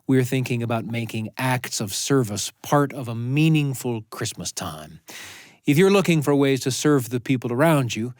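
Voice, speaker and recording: A man hosting a radio storytelling show, wrapping up the episode in a measured way. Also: medium pitch, darkish tone, dry recording, studio quality. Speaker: radio host. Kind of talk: show outro. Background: faint music.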